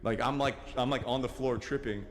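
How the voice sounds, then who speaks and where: A man's voice: mid-range voice, fairly even intonation, a little fast. A man, a podcast guest, telling a rambling, profane story in casual chat. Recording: reverberant, with music over it.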